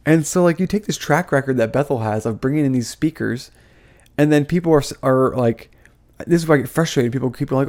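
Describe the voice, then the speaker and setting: A young man vents in a loose, off-the-cuff vlog rant. His mid-range voice keeps climbing as he gets heated, full of likes, restarts and half-finished thoughts. It sounds like an ordinary talker thinking out loud. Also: medium pitch, quick pace. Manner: animated, heated, many fillers and restarts. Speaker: vlogger, former ministry school student. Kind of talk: casual ranting commentary.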